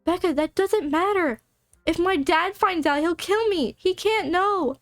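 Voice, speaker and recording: A woman's voice: very high-pitched, moderate pace, dry recording, studio quality, soft background music, pitched above the performer's own voice. A woman voicing a panicked teenage girl who talks frantically and pleadingly. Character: panicked teenage girl afraid of her father.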